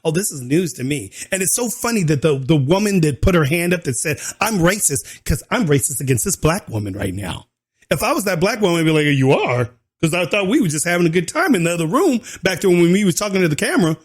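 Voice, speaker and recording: Male reaction host, high voice, lively swings, mocking, laughs a lot. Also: fast talker, few pauses. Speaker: commentator reacting to a video. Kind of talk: casual reaction commentary.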